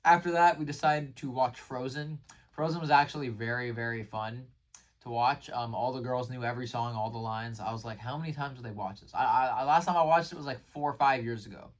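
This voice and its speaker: A man recapping his day in a casual vlog, rambling and excitable, with lots of fillers and restarted sentences. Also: mid-range voice, brisk, far from the mic. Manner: rambling, filler-heavy, says "like" and "bro" constantly. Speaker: vlogger.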